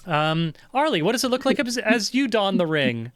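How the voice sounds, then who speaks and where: A man's voice: high-pitched, very animated, normal speed, fairly bright tone, dry recording, soft background music. A man running a tabletop game as game master, talking with enthusiasm and encouraging his players.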